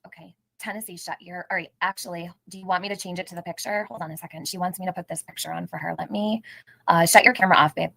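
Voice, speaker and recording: A woman's voice: fairly low pitch, steady tone, fast, gravelly, pushed and bright, rough recording. A middle-aged woman hosting a casual livestream, chatting, greeting viewers by name and laughing often. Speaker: livestream host.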